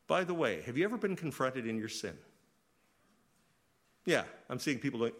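A man preaching a sermon as pastor, swinging between loud emphasis and quiet asides. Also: medium pitch, expressive, normal speed.

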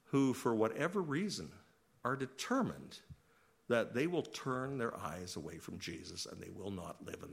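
A man with a medium-pitched voice preaches a sermon as pastor, swinging between loud emphasis and quiet asides.

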